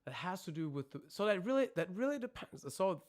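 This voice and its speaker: A man coaching singers on a live stream. He talks haltingly, searches for words, and breaks off to demonstrate screams and vocal sounds. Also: high-pitched, big pitch swings.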